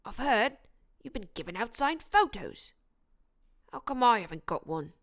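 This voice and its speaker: A woman reading an audiobook, voicing a huge, gruff but kindly male gamekeeper in a loud, hearty, blunt way. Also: fairly high pitch, sing-song, unhurried, full character voice.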